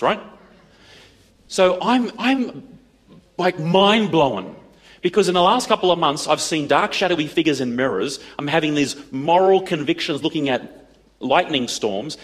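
Animated man telling a story. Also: on the high side, breathy edge. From Australia. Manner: animated, acting out dialogue in quotes. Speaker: speaker addressing an audience. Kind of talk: storytelling talk.

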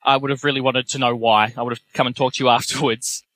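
A young man preaching a sermon, telling self-deprecating personal stories in a lively way. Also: mid-range voice, fast.

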